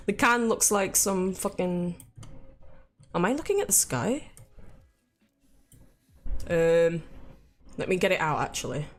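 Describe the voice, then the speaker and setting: A woman's voice: lowish voice, lively intonation, slow pace, pauses often. A young woman chatting casually to her live-stream viewers, swearing freely and laughing easily. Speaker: game streamer.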